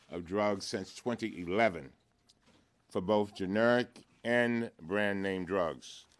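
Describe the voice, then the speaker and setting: A congressman giving an impassioned press conference speech, driving his points home with rhetorical repetition. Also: low-pitched.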